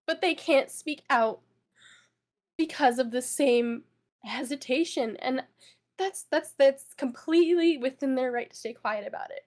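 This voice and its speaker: A woman's voice: high voice, unhurried, darkish tone. A young woman giving an emotional interview as a witness, tearful and upset, stumbling and repeating words as she apologizes.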